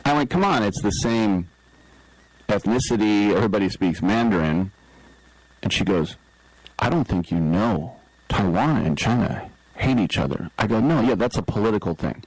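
A middle-aged sports radio man with a low voice tells stories casually on the radio. He's rambling and self-deprecating, and he acts out quotes. He's on a studio microphone, and the recording is dry with poor audio.

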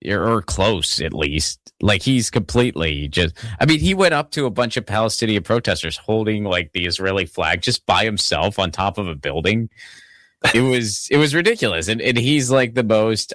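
Man from Pittsburgh, casual political host; low-ish voice, rambling stammered restarts, dry close sound. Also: fairly bright tone, dry recording. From Pittsburgh, Pennsylvania. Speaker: podcast host.

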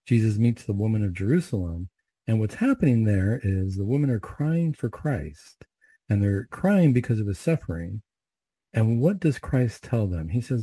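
Low mellow-voiced man leading prayers. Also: normal speed, dry recording. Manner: steady recited prayer, then conversational reflective preaching. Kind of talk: prayer and homily.

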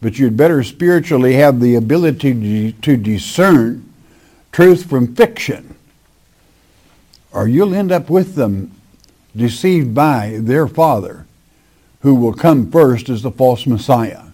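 A man delivers a sermon at an unhurried pace, reading scripture and driving each point home with emphasis. His voice sits in a warm, darker register. He sounds deliberate and firm throughout. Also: mid-range voice, expressive. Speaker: Bible teacher.

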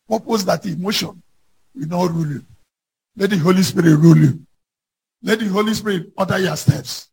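A man's voice: high-pitched, creaky, breathy edge, low-quality recording. A man preaching a sermon in a fervent, emphatic way, quoting scripture.

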